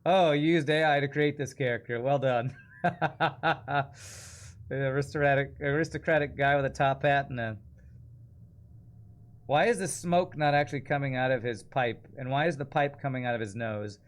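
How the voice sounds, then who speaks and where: A man's voice: mid-range voice, moderate pace. A man chatting casually as he streams a game, rambling and laughing often. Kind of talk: casual gameplay commentary.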